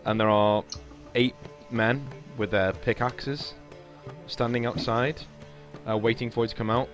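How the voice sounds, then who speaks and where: A man's voice: medium pitch, fairly even intonation, measured pace. A man running a tabletop game as game master, telling the scene with many fillers and restarts. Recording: faint music behind.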